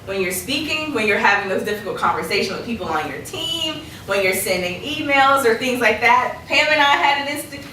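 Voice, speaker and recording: A bright, high-pitched woman leads a public speaking workshop, lively and quick to laugh as she acts out little quotes. Her voice is heard from across a reverberant meeting room, with faint background noise. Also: far from the mic. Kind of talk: workshop presentation. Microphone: distant room mic. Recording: echoey room recorded from afar.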